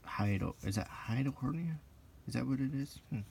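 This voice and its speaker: A middle-aged man giving soft-spoken show-and-tell commentary as a vlogger, meandering and unhurried, with frequent ums and self-corrections. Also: medium pitch, expressive, creaky, a little hiss or hum.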